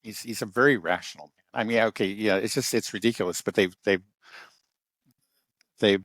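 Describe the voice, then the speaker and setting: A man with a very low, deep voice talks in an unscripted political discussion. He stops and restarts often and fills his pauses with um and you know. The sound is dry and close, with no room around it. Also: fairly bright tone, no echo. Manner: halting, many restarts and fillers.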